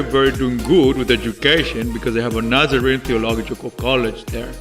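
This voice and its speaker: A man with a middle-pitched voice chats eagerly with young viewers, explaining things simply and checking in with them as he goes. Light music runs faintly underneath him. He sounds relaxed and informal. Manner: chatty and enthusiastic, addressing children directly. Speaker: children's show presenter. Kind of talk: casual explanation to kids.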